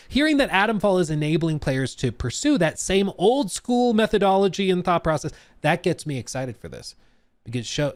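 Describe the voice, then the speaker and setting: Guy on a stream, lively up and down voice, rambly, keeps correcting himself, dry close sound. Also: fairly high pitch, no echo. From United States. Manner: chatty, rambling, frequent laughs and self-corrections. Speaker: streamer reacting to a video. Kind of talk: casual live-stream commentary.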